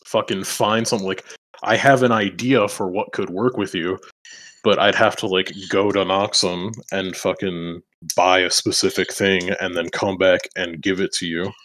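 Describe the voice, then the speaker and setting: Low-voiced man rambling at a game table. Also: steady tone, moderate pace, fairly bright tone. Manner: loose, rambling, swears a lot, laughs between lines. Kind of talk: casual game chat in and out of character.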